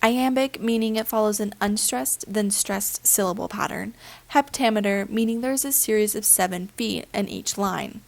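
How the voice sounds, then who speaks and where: Woman reading a poetry lesson, gravelly. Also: mid-range voice, normal speed. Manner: even, careful reading of a prepared script. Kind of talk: read-aloud literature lesson.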